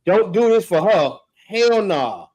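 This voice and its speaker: A man's voice: high voice, sing-song, takes it slowly, a little mellow, husky, muffled recording, pitched above the performer's own voice, heavily acted. A man voicing a desperate royal official who begs for his life in street slang. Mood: pleading.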